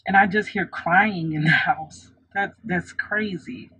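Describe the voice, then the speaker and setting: A woman speaks straight to her viewers in a storytime monologue. Her voice is slightly husky and sits at a middle pitch. She talks in an earnest, reflective way and often restarts her sentences. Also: unhurried, hardly any pauses, fairly bright tone, rough recording. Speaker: storytime vlogger.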